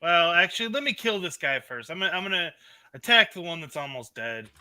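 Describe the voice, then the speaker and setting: Bright-voiced man playing a tabletop game. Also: fairly high pitch, sing-song, brisk, clear, resonant tone. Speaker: player. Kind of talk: casual tabletop game play.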